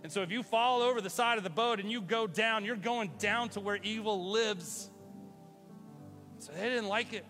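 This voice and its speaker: A male pastor giving a livestreamed sermon in a casual, animated way, swinging from loud exclamations to hushed, near-whispered storytelling. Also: high voice, normal speed, soft background music.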